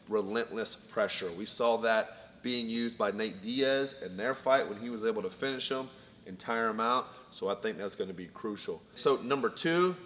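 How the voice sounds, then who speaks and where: Homem de voz grave em sala com eco. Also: male voice, lowish voice, a bit bright. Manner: methodical, lists points in order. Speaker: co-host, fight analyst. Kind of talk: casual fight breakdown. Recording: long reverb, faint background noise.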